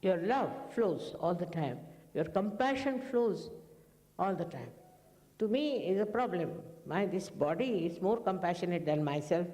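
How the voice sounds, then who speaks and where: Woman spiritual teacher, mellow tone, anecdotal talk to followers, big reverberant hall. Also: on the low side, expressive, unhurried. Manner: rambling, anecdotal, acts out quoted dialogue. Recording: long echo of a large hall.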